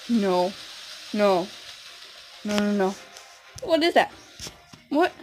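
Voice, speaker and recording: Playful giggly female game host, slow easygoing delivery, game music playing under her voice. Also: mid-range voice, big pitch swings, darkish tone, rough recording. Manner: giggly, playful, says random jokes. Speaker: gaming channel host. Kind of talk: casual gameplay commentary.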